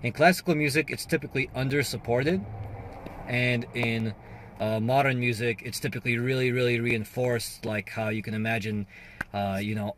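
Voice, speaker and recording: A man's voice: fairly low pitch, fairly bright tone, slight background noise. A man hosting a singing and guitar channel, explaining vocal registers casually and singing short demo notes. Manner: conversational explaining with fillers and sung demos. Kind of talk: casual video lesson.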